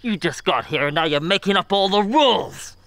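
A man's voice: fairly high pitch, slow pace, vocal fry, pushed and bright, full character voice. An actor playing a petulant lizard-man warrior, whiny and indignant in a comedic fan film.

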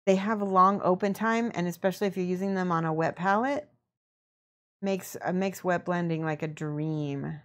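A young woman casually explaining her painting as she works, chatty and relaxed, answering her viewers and laughing often. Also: lowish voice, moderate pace. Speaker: miniature painting streamer. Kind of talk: casual painting tutorial chat.

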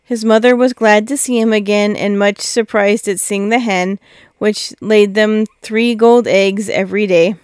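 A woman narrating a fairy tale, reading in a measured, steady way. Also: medium pitch, clean tone, dry recording, clean studio sound. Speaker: storyteller. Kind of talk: storybook narration.

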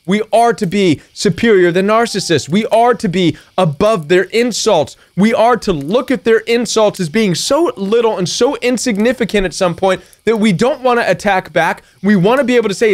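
A man's voice: sits high, normal speed, hardly any pauses. A middle-aged man giving a preachy, emphatic motivational talk as a coach, acting out defiant retorts. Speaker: recovery coach.

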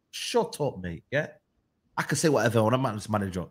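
A man's voice: medium pitch, lively intonation, fast. A man ranting about his football team in heated, slangy banter. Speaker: football fan.

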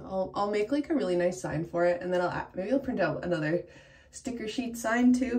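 A woman's voice: mid-range voice, a little mellow. A woman in her thirties, a self-employed illustrator, talking candidly to the camera in a casual vlog, with lots of "like" fillers and small laughs.

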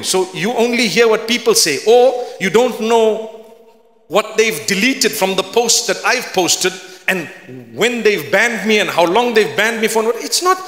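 A man with a high, bright, forceful voice delivers an earnest sermon, pleading with his listeners and rising to fervent near-shouts. His voice rings through a large hall with a long, echoing reverb. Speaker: Islamic preacher. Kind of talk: lecture-style sermon.

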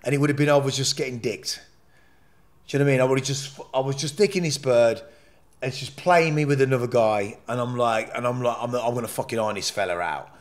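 A man telling his life story as a podcast guest, animated and profane, rambling with frequent restarts. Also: medium pitch, fast. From England. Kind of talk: candid interview storytelling.

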